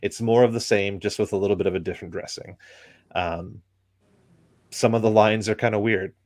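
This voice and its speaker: A man's voice: lowish voice, steady tone, fairly quick, a little mellow, no echo, clean studio sound. A man in casual chat, giving an opinionated critique full of ums and likes. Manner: rambling, many ums and likes.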